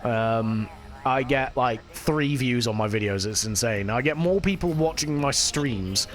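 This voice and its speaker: A man's voice: mid-range voice, unhurried. A man chatting casually with his live-stream chat while he plays, swearing now and then. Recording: faint music behind.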